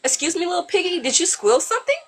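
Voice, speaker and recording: A woman's voice: on the high side, lively intonation, a little slow, a bit bright. A woman voicing a menacing armed woman who mockingly taunts a man. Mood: taunting.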